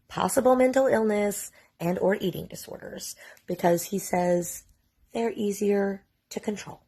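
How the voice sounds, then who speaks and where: Husky-voiced woman telling a storytime. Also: medium pitch, a little mellow. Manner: casual, chatty, sprinkles in "like" and mild swearing. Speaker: mother telling a family story. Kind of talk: storytime vlog.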